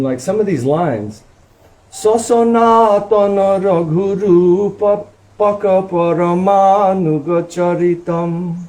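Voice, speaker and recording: A man's voice: medium pitch, mellow. A man teaching a devotional singing class, talking with enthusiasm and chanting out rhythms as he explains. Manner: enthusiastic, chants meter syllables aloud. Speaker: kirtan teacher. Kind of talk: casual class discussion.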